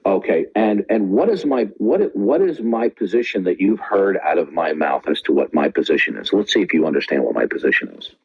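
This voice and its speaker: A man hosting a live online call-in debate, talking forcefully, often interrupting and tagging lines with "okay?". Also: low-pitched, big pitch swings, fairly quick, hardly any pauses, husky, dull audio. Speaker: debate room host.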